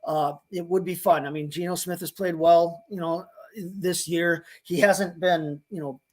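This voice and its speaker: This man has a fairly high voice for a man and talks fantasy football in a loose, casual way. He wanders through his points with lots of restarts and hedging, sounding like a co-host riffing on a live show. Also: steady tone, a little slow. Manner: rambling, lots of restarts and hedges. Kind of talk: casual sports chat.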